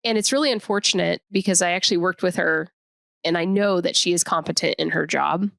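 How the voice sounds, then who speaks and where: A middle-aged woman co-hosting a podcast, chatting casually and giving measured workplace advice. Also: lowish voice, gravelly, fairly bright tone, no room sound, studio quality. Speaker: podcast co-host. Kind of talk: casual chat.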